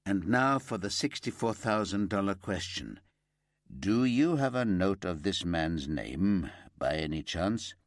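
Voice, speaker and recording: A man voicing an earnest male detective sergeant who speaks in a measured, polite way. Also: low-pitched, animated, dry recording, studio quality. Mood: businesslike. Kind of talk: audiobook character voice.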